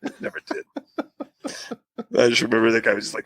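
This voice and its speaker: Brisk but with long pauses, a middle-aged man speaks in a mid-range voice with no echo. Co-hosting a podcast, he tells stories in relaxed chat, animatedly acting out what people said and laughing often.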